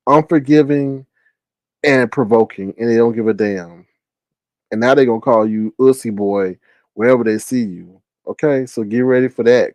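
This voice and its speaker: A man hosting a drama commentary vlog, telling stories in an animated, mocking way. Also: lowish voice, no room sound. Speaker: host.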